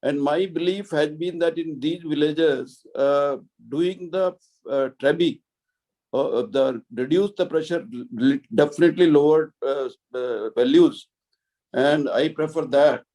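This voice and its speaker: Older man with a mellow, halting voice. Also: a little high, rough recording. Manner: halting, broken phrasing with many restarts. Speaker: senior surgeon and teacher. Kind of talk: remarks in an online panel discussion.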